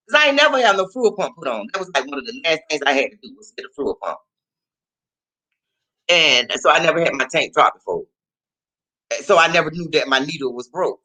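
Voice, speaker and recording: A man telling a story in a casual vlog, profane and animated, often repeating his phrases. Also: a little high, fairly quick, long pauses, poor audio. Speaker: vlogger.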